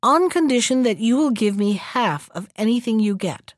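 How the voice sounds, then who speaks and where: Old holy hermit, calm and commanding; a woman reading in a dry close voice. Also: on the high side, moderate pace, no room sound, close to an everyday voice. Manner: calm, commanding, sometimes whispered.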